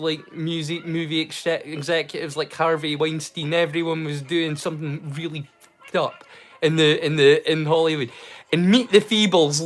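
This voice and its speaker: A man hosting a casual livestream, talking in hesitant bursts full of fillers and restarts, with a mild stammer he keeps hidden. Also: a little high. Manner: excitable, animated bursts. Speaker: livestream host.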